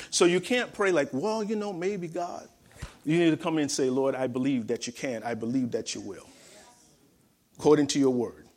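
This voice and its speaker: Man preaching with repeated emphasis. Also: a little high. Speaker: pastor. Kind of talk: sermon.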